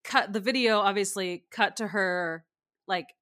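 Woman co-host, bright and sharp, spilling gossip in casual banter. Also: medium pitch, a little slow. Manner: gossipy, animated storytelling with frequent laughs. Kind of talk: casual chat.

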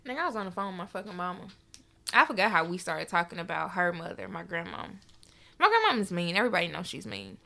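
A young woman co-hosting a podcast, telling stories in a profane, animated, casual way. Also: on the low side, fast, creaky. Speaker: podcast co-host. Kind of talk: casual chat.

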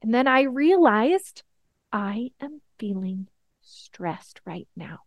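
Slow, earnest woman podcast host. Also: fairly high pitch, sing-song, no echo, muffled recording. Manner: earnest, emphatic, slows down for key points. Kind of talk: motivational podcast talk.

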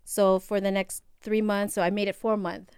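A woman's voice: medium pitch, flat delivery, normal speed, darkish tone, smooth, dry recording, studio quality. A woman in her forties, originally from the Philippines, chatting casually as a podcast guest and laughing often. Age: 40s. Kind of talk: casual chat.

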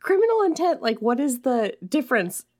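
A young woman co-hosting a podcast, recapping a book in casual chat, animated and quick to jump up in pitch when she jokes. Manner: animated, jumps high in pitch when joking. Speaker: podcast co-host.

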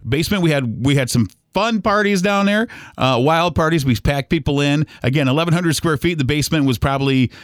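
A man's voice: a little high, fairly quick, dry recording, studio quality. A middle-aged man from Ohio reminiscing about his old neighborhood in a casual, rambling monologue full of fillers and restarts. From Toledo, Ohio. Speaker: podcast host.

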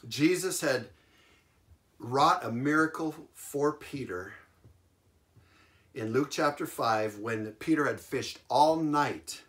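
A male preacher at a middle pitch tells a Bible story as part of a sermon. He delivers it in an animated way, repeats key phrases for emphasis and chuckles along the way. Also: slow pace, pauses often.

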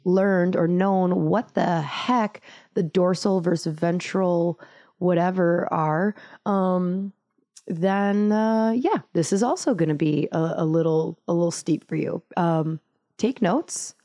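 Female podcast host, mellow low-ish voice, casual self-deprecating tangents, dry close sound. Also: slow pace, dry recording. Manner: rambling, self-mocking, full of tangents and fillers. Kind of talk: casual podcast intro monologue.

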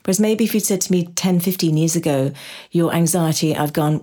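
Low, mellow-voiced woman podcast host. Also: fairly quick. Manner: chatty, self-deprecating, acts out her inner voice. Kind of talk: conversational podcast interview.

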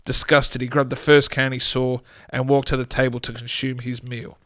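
Aussie guy reading his goofy story out loud, keeps laughing, dry close mic. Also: mid-range voice, flat delivery, moderate pace, no room sound. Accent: Australian. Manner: reads with frequent laughter breaking through. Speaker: storytelling podcast host. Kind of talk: reading a comic short story aloud.

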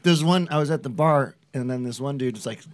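A man's voice: medium pitch, brisk. A man in casual group chat, teasing and crude.

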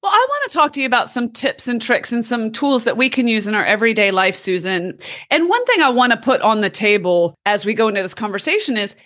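Woman podcast host, fairly high voice, casual and chatty, pokes fun at herself. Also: very animated, fast talker, fairly bright tone. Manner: chatty, self-deprecating, laughs often. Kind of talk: casual interview chat.

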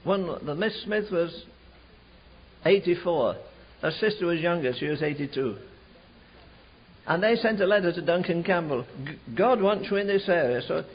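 A man preaching a sermon, telling a revival story in an animated way, slowing and rising for emphasis. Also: a little high, breathy edge. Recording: dull lo-fi recording.

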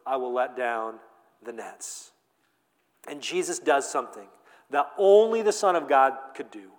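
A man preaching a sermon as a pastor, animated and conversational, with playful asides. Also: a little high. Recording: long hall reverb.

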